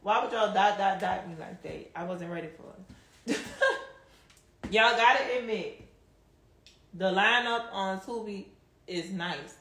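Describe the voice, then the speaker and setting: On a phone mic in an echoey room with a faint hum behind her, a woman chats casually with live stream viewers, answering comments and laughing a lot. Her mid-range voice moves slowly with frequent pauses, carrying a strong Southern drawl and relaxed slang.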